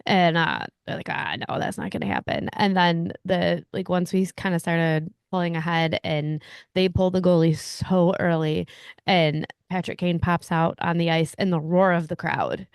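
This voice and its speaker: A woman with a low, gravelly voice co-hosts a hockey podcast in a relaxed, chatty way. Her opinions come across as easygoing. The sound is close and dry. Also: a little slow, no echo. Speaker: co-host. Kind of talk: casual podcast chat.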